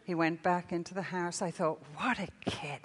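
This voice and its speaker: An older woman delivers a sermon in a storytelling manner, often breaking into laughter. Her voice sits a little low. The sound carries the long reverb of a large hall. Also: fairly even intonation, moderate pace. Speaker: speaker.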